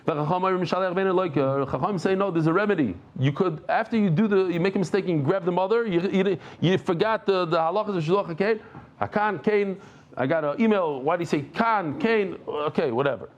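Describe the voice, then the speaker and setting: A middle-aged man giving a daily Talmud lesson to a live group, talking in quick bursts, breaking off mid-thought and bantering with listeners. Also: high voice, muffled recording. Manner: lively, jumps between thoughts, self-interrupting. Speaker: Talmud teacher.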